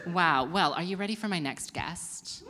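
A woman's voice: lowish voice, expressive, normal speed, in a large hall, very noisy. A woman hosting a live comedy show, rambling and self-mocking, laughing at her own jokes. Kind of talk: stand-up comedy. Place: performance venue with live audience.

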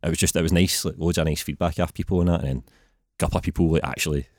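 A man in his thirties with a Glaswegian accent and a very deep voice, chatting casually as a podcast guest and laughing easily. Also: fairly even intonation, quick pace, a little mellow, dry recording, clean studio sound. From Scotland. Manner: laid-back, laughs easily. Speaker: guest writer.

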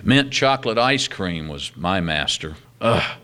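A man preaching a sermon, reading scripture aloud and adding humorous asides. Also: measured pace. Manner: animated preaching with wide swings in pitch and loudness. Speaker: pastor.

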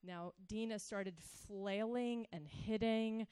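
A middle-aged woman telling a personal story in an animated way, acting out the voices she quotes. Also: mid-range voice, takes it slowly, clear, resonant tone, no room sound. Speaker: speaker sharing a personal story.

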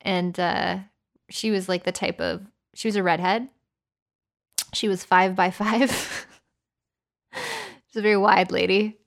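A woman's voice: medium pitch, lively intonation, unhurried, gravelly, long pauses. A woman co-hosting a podcast in casual chat, a playful, jokey storyteller who breaks into mock accents. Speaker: podcast co-host.

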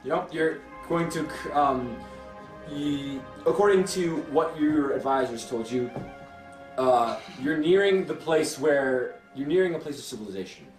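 A man's voice: on the high side, measured pace, recorded from a distance. A man hosting a podcast and narrating as a new game master, hesitant and laughing often. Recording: echoey room, voice from off-mic, faint music.

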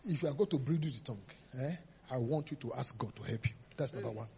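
This pastor has a mellow, mid-range voice and talks fast, with a little hiss or hum in the dull, lo-fi sermon recording. He preaches emphatically and repeats himself, occasionally laughing and doing voices.

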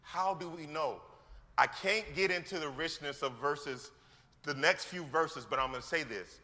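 A male pastor preaching a sermon in an animated, slangy way, acting out scripture scenes as he goes. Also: fairly high pitch, moderate pace. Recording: long hall reverb.

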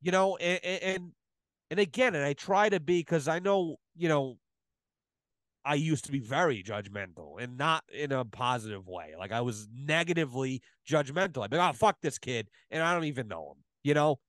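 Podcast guest, male, slightly high voice, dry close sound, swears constantly and tells stories with emphasis. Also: animated, moderate pace, a bit bright, no echo. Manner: profane, emphatic storytelling. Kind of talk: casual podcast chat.

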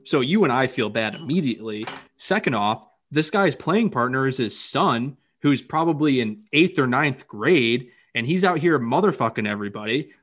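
A man's voice: medium pitch, expressive, normal speed, few pauses, a bit bright. A man in casual chat as a podcast co-host, teasing and giving advice.

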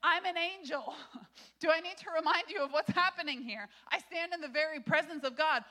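A woman's voice: sits high, fairly quick, pushed and bright, pitched above the performer's own voice. A woman voicing an exasperated, boastful male angel during a sermon, mock-offended and incredulous.

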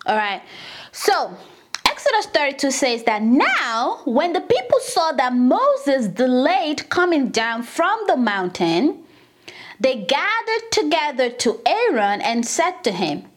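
A woman leading a casual Bible study, retelling scripture with animated, indignant asides. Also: high voice, a little slow.

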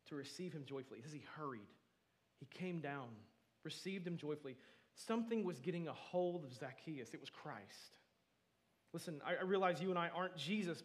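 A man preaching a sermon, moving between quiet asides and loud, emphatic declarations, often repeating words for stress. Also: on the high side. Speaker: pastor.

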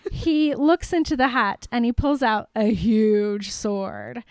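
Woman, young, giggly and playful, high voice, smooth, dry close sound. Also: slow pace, no echo. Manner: giggly, playful, animated retelling with silly voices. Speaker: podcast co-host retelling the book. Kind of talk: casual chat.

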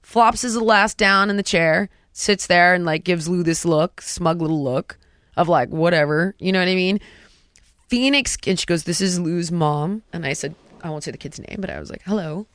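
A woman in her thirties telling a personal story in casual conversation, animated and emphatic, stringing rhetorical questions and dropping to a hush for quoted words. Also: fairly low pitch, moderate pace, no echo, clean studio sound.

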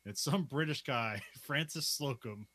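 A man's voice: mid-range voice, unhurried, fairly bright tone. A man co-hosting a casual TV recap chat, retelling the plot loosely and laughing often. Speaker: podcast co-host.

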